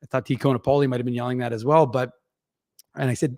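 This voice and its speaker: A man's voice: mid-range voice, level tone, fast, darkish tone, no room sound, studio quality. A man, chatting as a regular on a hockey podcast, rambling with many fillers and restarts. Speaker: regular podcast contributor reporting on the Moose. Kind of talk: casual hockey podcast chat.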